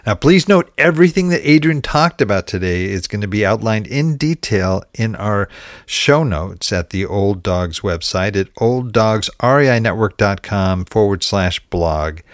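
Podcast host guy, lowish voice, folksy, dry close mic. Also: lively intonation, a little slow, no echo. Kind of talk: podcast interview and outro.

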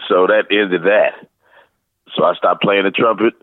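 A man in his fifties from St. Louis, telling rambling, lively stories as an interview guest. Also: low-pitched, a little slow, no room sound. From St. Louis, USA. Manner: rambling, animated anecdotes, slips into voices. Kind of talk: casual storytelling interview. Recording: tinny phone line.

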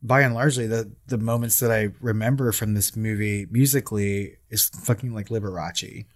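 A man's voice: on the low side, fairly even intonation, normal speed. A man co-hosting a podcast in casual chat, swearing freely and laughing easily. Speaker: podcast co-host.

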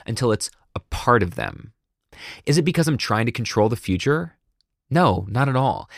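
A man who coaches speakers, talking casually to camera, tired and low on energy, often tagging his points with a questioning "right?". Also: no echo, studio quality. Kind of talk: casual talking-head monologue.

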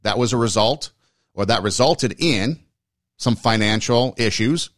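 Speaking unhurriedly at medium pitch, a man hosts a talk show in a dry, studio-quality recording. He gives casual, emphatic spoken commentary, conversational in tone, that tends to repeat and rephrase.

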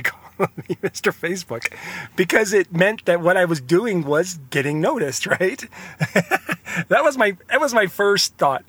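Young man, bright forceful voice, slightly high, earnest rambling podcast monologue. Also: no room sound. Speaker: podcast host. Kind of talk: motivational monologue.

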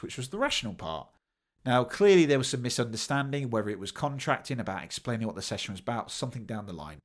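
A man hosting a podcast, telling a personal story in a casual monologue and acting out the quoted voices. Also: medium pitch. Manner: animated, acts out quoted voices. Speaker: podcast host.

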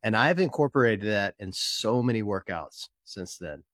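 A man co-hosting a podcast and sharing animated, self-deprecating stories in a relaxed chat. His voice is fairly low, and the recording is close and dry. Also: moderate pace, dry recording. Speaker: podcast co-host. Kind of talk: casual interview conversation.

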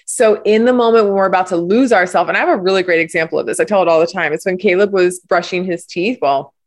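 Woman on a podcast, lively storytelling, explains stuff with lots of energy. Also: on the low side, quick pace. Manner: animated storyteller, explains with enthusiasm. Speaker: guest, parenting coach. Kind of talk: conversational interview.

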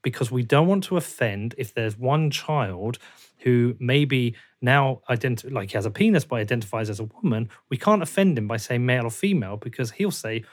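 A man's voice: medium pitch, animated, brisk. A man hosting a remote interview, talking in an emphatic, indignant way. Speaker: interview host. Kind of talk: conversational interview. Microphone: video call.

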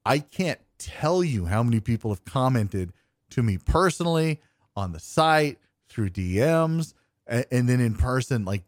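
A man's voice: mid-range voice, expressive, unhurried, no echo, clean studio sound. Rambling self-deprecating man telling stories. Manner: rambling, self-deprecating, quotes people in dialogue. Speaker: podcast co-host. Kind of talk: casual storytelling chat.

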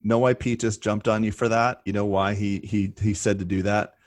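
A man with a fairly low voice talks through his advice in an easy, encouraging way, leaning on stories to make the point. The sound is dry and close, with no room around it. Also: flat delivery, normal speed, no room sound. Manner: encouraging, storytelling. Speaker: coach. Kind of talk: casual coaching talk.

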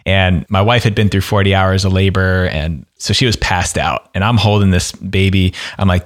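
A man's voice: low voice, steady tone, moderate pace, few pauses. A male podcast host candidly sharing a personal story in a casual conversation.

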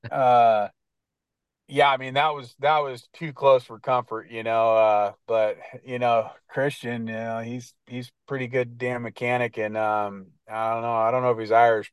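A man's voice: mid-range voice, smooth, dry recording. A middle-aged man chatting casually as a guest, laid-back and slangy, full of fillers and restarts. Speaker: guest editor. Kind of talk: casual podcast chat.

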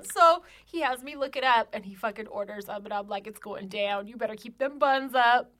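A woman, co-hosting a casual podcast, telling animated stories with a lot of profane slang. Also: fairly high pitch, fairly quick, few pauses. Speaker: podcast co-host. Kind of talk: casual chat.

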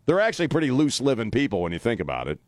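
A man's voice: mid-range voice, wildly swooping pitch, very fast, no room sound. A man hosting a talk radio show, chatting bluntly and jokingly. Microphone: studio mic.

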